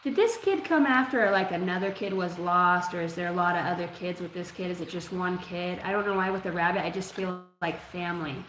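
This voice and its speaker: A woman's voice: on the low side, a little fast, hardly any pauses, a bit bright. Slangy woman giving a live tarot reading. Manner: casual and slangy, swears, says "like" and "dude" often. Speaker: tarot reader. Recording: echoey room with faint noise.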